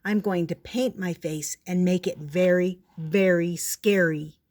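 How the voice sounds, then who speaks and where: Eager little storybook boy, grandma reading, slow and playful. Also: on the low side, fairly even intonation, a little mellow, lightly acted. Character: bold little boy on Halloween.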